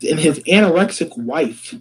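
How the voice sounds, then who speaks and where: A woman's voice: deep voice, lively intonation, moderate pace, crowd noise. A woman co-hosting a podcast in a confrontational way, swearing as she accuses.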